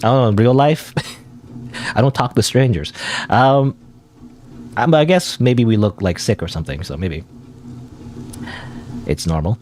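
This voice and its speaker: Young male let's-player, rambling and chatty, lively pitch. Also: measured pace, pauses often, a little hiss or hum. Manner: rambling, chatty, many fillers. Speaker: gamer. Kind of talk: let's play commentary.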